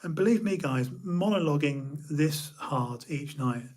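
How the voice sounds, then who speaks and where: A man streaming a rambling, self-deprecating solo monologue to his channel, halting and restarting often. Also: fairly high pitch, lively intonation, darkish tone. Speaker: YouTube streamer.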